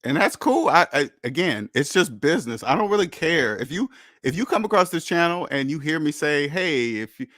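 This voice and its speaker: A man's voice: a little high, sing-song, a little fast, a bit bright, no echo, studio quality. A man hosting a channel in a blunt, lecturing monologue, repeating points for emphasis. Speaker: host. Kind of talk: casual monologue.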